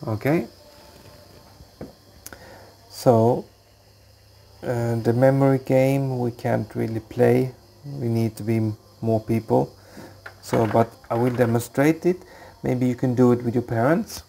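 Slow, patient male English teacher. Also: mid-range voice, steady tone, dark tone. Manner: slow, clear, patient explaining. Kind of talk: slow classroom instruction for children.

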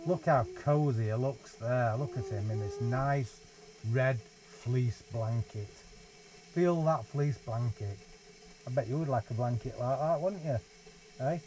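Playful dad, higher voice. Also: male voice, a little mellow, rough recording. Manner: playful sing-song baby talk. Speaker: father reading to his baby. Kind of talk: reading a picture book aloud to a baby. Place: small holiday caravan, indoors. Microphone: 360 VR camera nearby.

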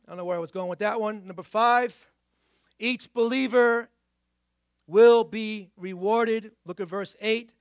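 A male pastor with an accent that mixes New York and Boston, preaching conversationally in a church. He slows down for emphasis and puts rhetorical questions to the congregation. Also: high voice, no echo, studio quality. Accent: mix of New York and Boston. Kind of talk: sermon. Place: church sanctuary.

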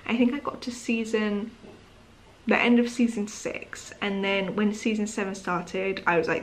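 At home one evening, a female vlogger talks casually to her camera, sleepy and yawning, rambling with lots of "um"s, "like"s, and apologies. Her mid-range voice is steady and moderately paced, with a little hiss or hum.

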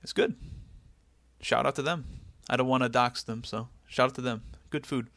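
A young man co-hosting a casual comedy podcast, recapping a wrestling show with animated storytelling and goofy impressions. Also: medium pitch, moderate pace, creaky, no echo. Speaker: podcast co-host.

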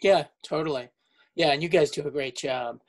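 A man, a teacher, interviewing a colleague in a relaxed, casual way with lots of fillers. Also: on the high side, moderate pace.

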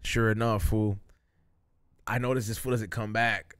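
A man's voice: on the low side, steady tone, a little slow, fairly bright tone, clean tone. A young man hosting a podcast, telling a loose, profane story in casual chat, full of slang and dropping Spanish phrases. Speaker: podcast host.

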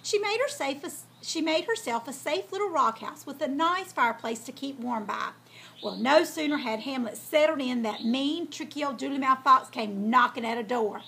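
A woman hosting a storytime, reading a children's tale aloud in a folksy, lively way. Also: high-pitched, normal speed, gravelly, a little hiss or hum. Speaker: storyteller host.

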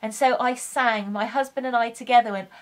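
A young woman telling a personal story in an earnest, gentle way. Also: a little high, steady tone, a little fast. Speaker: vlogger telling her birth story.

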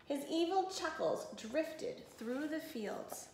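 A woman's voice: sits high, animated, measured pace. Woman reading a story aloud. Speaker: teacher. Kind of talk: read-aloud storytelling lesson. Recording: roomy echo.

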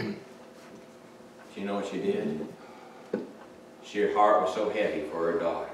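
A male pastor preaching a sermon, swinging from hushed to shouting and asking the congregation questions. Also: sits low, moderate pace, long pauses. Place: church sanctuary. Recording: echoey church hall from far off.

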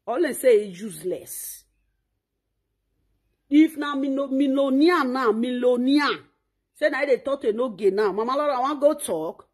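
A woman with a Nigerian Pidgin accent, ranting and scolding in a mocking, insulting way. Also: high-pitched. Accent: Nigerian Pidgin English. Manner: refers to herself in third person. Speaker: online commentator. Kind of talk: ranting monologue.

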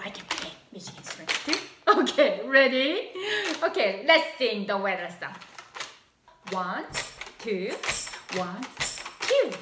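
A woman's voice: sits high, echoey room, background noise. A woman leading a preschool art and music circle time, exclaiming and sing-song as she plays with puppets for young children.

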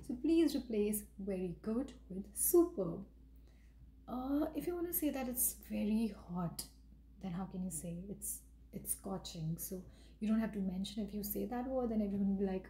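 A woman's voice: medium pitch, animated, fast talker, mellow, reverberant, slight background noise, rough recording. A woman giving a casual vocabulary lesson, explaining with repeated examples and slipping in Hindi phrases. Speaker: English vocabulary teacher.

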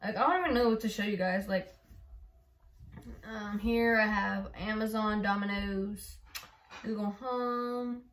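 A woman's voice: medium pitch, fairly even intonation, unhurried, pauses often, recorded from a distance. A woman vlogging casually about her phone, chatty and rambling, with lots of "like" and "y'all". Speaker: YouTuber. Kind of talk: casual vlog phone walkthrough. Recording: roomy echo.

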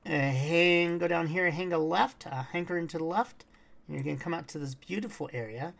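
A woman's voice: fairly low pitch, a little fast, gravelly. A woman streaming a game walkthrough, chatting casually to her viewers and her in-game pet, sometimes humming or singing snatches. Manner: chatty, talks to her pet and chat, hums and sings snatches.

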